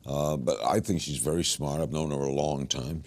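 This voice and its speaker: A man's voice: very deep voice, steady tone, normal speed, darkish tone. A man hosting a talk show interview, blunt and terse in his questions and remarks.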